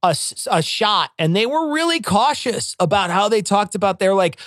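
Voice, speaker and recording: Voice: medium pitch, fairly quick, hardly any pauses, no room sound, clean studio sound. A podcast co-host from Illinois in casual chat, telling stories with profanity and acting out what people said. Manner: animated storytelling, profane, acts out quotes.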